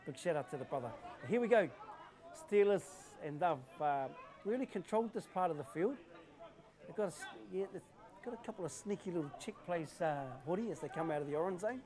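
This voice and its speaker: A man commentating a live touch rugby match, chatty and quick to laugh. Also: on the high side. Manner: chatty, laughing, excitable calls. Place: outdoor sports field. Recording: outdoor crowd noise.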